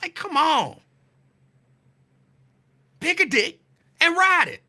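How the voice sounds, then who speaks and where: A man's voice: extremely high pitch, wildly swooping pitch, slow pace, bright, forceful tone. A man hosting his own podcast, teasing and calling someone out in a profane, repetitive casual rant. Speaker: podcast host.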